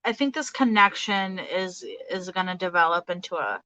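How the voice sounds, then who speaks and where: A woman in her thirties giving a casual tarot reading, halting and hesitant, with many fillers and restarts. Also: fairly low pitch, pushed and bright, smooth, no room sound, low-quality recording. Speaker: tarot reader.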